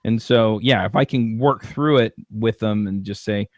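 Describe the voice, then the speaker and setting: Low-voiced man in rambling casual chat. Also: normal speed, no room sound, studio quality. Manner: rambling, many restarts and fillers. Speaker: podcast host.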